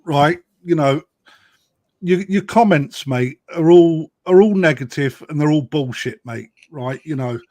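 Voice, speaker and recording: A man's voice: on the high side, unhurried, mellow. A man, a koi dealer, talking bluntly on a live-stream chat and tagging points with "right?". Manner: blunt, emphatic, keeps adding "right?".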